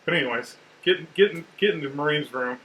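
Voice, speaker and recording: A man with a fairly high, bright and forceful voice tells stories in a loose, casual chat. He swears freely and acts out the people in his stories with lively delivery. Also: fairly quick. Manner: profane, animated storyteller. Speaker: podcast host, Marine veteran.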